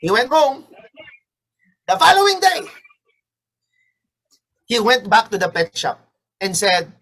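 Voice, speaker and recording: A woman trainer telling a joke at a leaders training, animated and often repeating her words. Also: mid-range voice, unhurried, long pauses, slightly rough.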